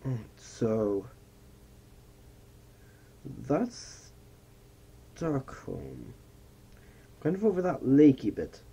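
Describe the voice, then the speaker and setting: A man's voice: medium pitch, very animated, extremely slow, creaky, long pauses, mellow, breathy edge. A man giving casual, rambling commentary while playing a flight simulator. He mutters and mocks himself, and now and then slips into mock pilot announcements.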